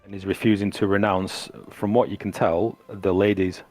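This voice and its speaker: Low-voiced man narrating as game master. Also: flat delivery, darkish tone, faint music behind. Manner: descriptive, halting with many fillers.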